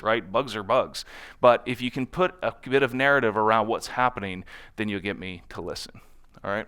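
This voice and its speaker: A man's voice: medium pitch, lively intonation, moderate pace, fairly bright tone, clear, resonant tone. A man giving a conference talk in a conversational way, often checking in with the audience and acting out quotes in different voices. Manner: conversational, constantly checks in with "right?"; acts out other people's quotes in shifting voices. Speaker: conference speaker. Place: conference stage.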